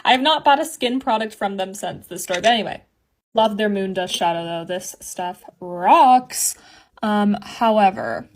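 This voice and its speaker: A young woman chatting through a get-ready-with-me storytime, with quick asides. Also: medium pitch. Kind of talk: casual storytime while doing makeup.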